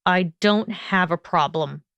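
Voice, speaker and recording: A woman's voice: on the low side, unhurried, no echo, muffled recording, natural voice. A woman voicing an arrogant, sarcastic young wizard in a fan audiobook reading, with a sneering drawl.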